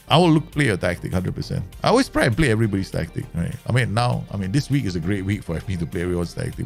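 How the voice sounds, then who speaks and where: A man's voice: on the low side, vocal fry, a little mellow. A man streaming a football management game, chatting casually with viewers and ranting in jest at his players. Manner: chatty, joking, talks to viewers; mock-angry rants at players, laughing. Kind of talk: casual livestream chat.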